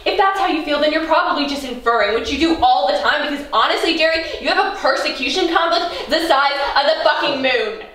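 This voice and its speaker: A woman's voice: high-pitched, fast talker, hardly any pauses, fairly bright tone. An actress playing a frank young woman who speaks bluntly and swears when riled. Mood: cutting. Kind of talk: indie film drama acting. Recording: far-off mic in an echoey room, faint noise.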